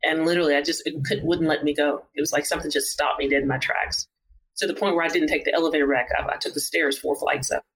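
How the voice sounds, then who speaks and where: Surgeon guest, casual storyteller, mid-pitched, lively retelling with voiced quotes. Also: fast talker, slightly rough, low-quality recording. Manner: animated, acts out quoted dialogue in the telling. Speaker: surgeon and author, podcast guest.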